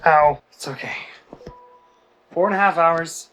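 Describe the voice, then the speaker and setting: A man's voice: fairly high pitch, steady tone, takes it slowly, pauses often, noisy background. A man hosting a video game let's play, giving casual, rambling commentary with self-mocking, exasperated grumbling.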